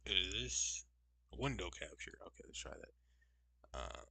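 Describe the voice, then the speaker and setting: A man's voice: low voice, sing-song, takes it slowly, bright, forceful tone, no echo. A young man live-streaming, chatting casually and rambling to his viewers with slangy asides. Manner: rambling, talks straight to chat with slangy asides.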